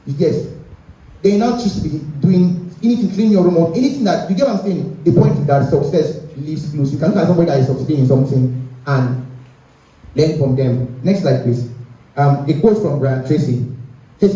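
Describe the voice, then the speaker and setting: A young man gives a conversational motivational talk, keeps checking in with his listeners, and sounds warm and dark. He sits a little off the mic in a large room with heavy echo. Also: a little high, fairly quick. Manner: conversational, often checks in with the audience. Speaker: guest speaker. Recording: echoey room, speaker far from the mic.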